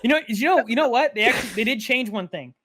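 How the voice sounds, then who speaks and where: Young man, podcast co-host, excited gaming chat, restarts a lot, says dude and bro, lively pitch. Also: fast talker.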